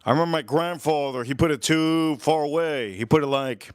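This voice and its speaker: A man's voice: on the high side, a little fast, clean tone, dry recording, clean studio sound. A man hosting a casual live cooking and whiskey stream, rambling, repeating lines and laughing at his own stories. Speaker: livestream host. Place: home kitchen or backyard, filming point of view.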